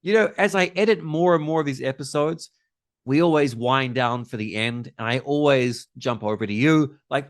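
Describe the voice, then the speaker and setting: A man hosting a casual film podcast, talking in an animated way and swearing freely. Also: medium pitch, moderate pace. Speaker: podcast host.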